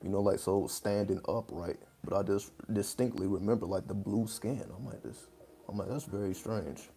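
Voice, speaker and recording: Low gravelly man chatting loosely. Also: fairly even intonation, normal speed, warm tone. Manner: loose and rambling, many fillers, laughs between points. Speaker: livestream host. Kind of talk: casual livestream chat.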